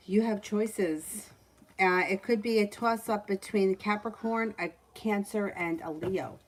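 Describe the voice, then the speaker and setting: Relaxed woman giving tarot readings. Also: mid-range voice, unhurried, rough recording. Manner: relaxed, matter-of-fact readings with fillers. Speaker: tarot reader. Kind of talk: casual livestream reading. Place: home.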